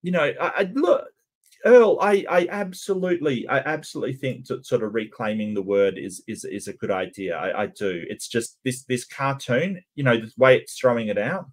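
A man's voice: mid-range voice, expressive, normal speed. A man casually commentating on a cartoon and answering his chat, stumbling over many repeated starts.

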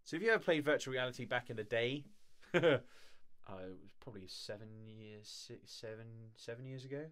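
A male voice actor chatting on a live stream, loose and rambling, with frequent laughs and lots of restarts. His pitch sits right in the middle for a man. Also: fairly quick, a bit bright. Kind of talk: casual live-stream chat.

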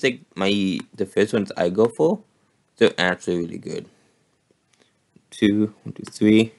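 Low gravelly guy narrating his game slowly, a bit hoarse, keys clicking behind. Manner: relaxed, thinking aloud while playing. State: slightly hoarse. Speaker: gaming video host. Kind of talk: casual gameplay commentary.

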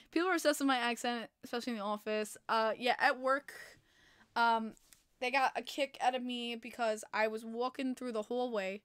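A woman hosting a hockey podcast, chatting casually with viewers, excitable, swearing freely and laughing often. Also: on the high side, normal speed, clear, resonant tone, no room sound. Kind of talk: casual live-stream chat reading viewer comments. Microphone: plugged-in desk microphone.

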